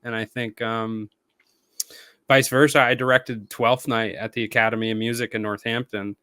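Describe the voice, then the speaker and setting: A man, a rapper and stage actor, talking casually as a podcast guest, animated and full of "like" fillers. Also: medium pitch, moderate pace, smooth, no room sound.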